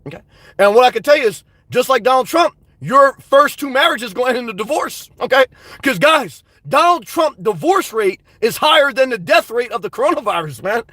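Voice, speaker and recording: A very high-pitched man talks loosely and crudely to his live-stream viewers, reading their comments aloud and laughing often. The sound is close and dry, with no room around it. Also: expressive, brisk, bright, forceful tone, no echo. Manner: rambling, joking, reads out chat comments. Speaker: livestream host.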